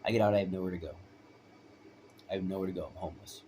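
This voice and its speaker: A man with a deep, low voice tells his own story in a loose, rambling way. He presses his points hard and keeps checking in with "right?" A light background noise runs under the recording. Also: steady tone, rapid-fire, dark tone. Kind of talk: personal storytelling.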